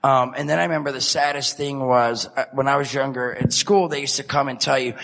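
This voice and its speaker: A man casually telling a long personal story, animated and profane, acting out the voices he quotes. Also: mid-range voice, a little fast, gravelly, few pauses, long reverb tail. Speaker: podcast co-host.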